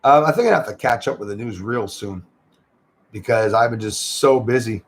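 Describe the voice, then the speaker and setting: A man's voice: lowish voice, moderate pace. A man hosting a casual livestream from home, chatting loosely, reading out viewer comments and greeting viewers, sometimes in French. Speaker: livestream host. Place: home in Canada near the Michigan border.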